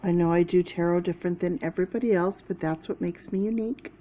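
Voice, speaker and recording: A woman's voice: lowish voice, fairly even intonation, warm tone, slight background noise. A woman giving a chatty, casual tarot reading to her viewers. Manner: slow, chatty, talking to viewers. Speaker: tarot reader.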